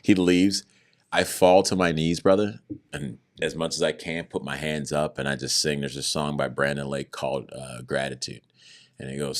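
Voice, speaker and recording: A man's voice: a bass voice, moderate pace. A man recounting his own story as a podcast guest, earnest about his faith and acting out the words of others as he goes. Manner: animated, acts out other people's words in raised voices; earnest, religious testimony. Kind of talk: personal storytelling in conversation.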